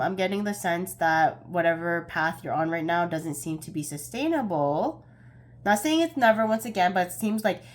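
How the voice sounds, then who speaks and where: A young woman giving a casual pick-a-card tarot reading, chatty and a bit scattered, often laughing at herself. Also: medium pitch.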